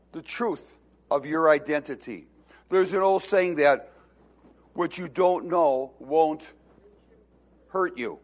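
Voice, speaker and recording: A man preaching a sermon as pastor, exhorting the congregation and having them repeat phrases, building to loud emphasis at times. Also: on the high side.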